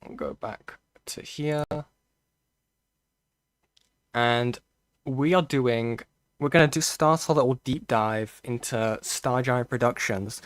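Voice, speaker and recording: A man's voice: mid-range voice, takes it slowly, long pauses, no room sound. A man giving casual live-stream commentary, thinking aloud with restarts, frequent okays and the odd curse, close to his mic. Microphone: close desk mic.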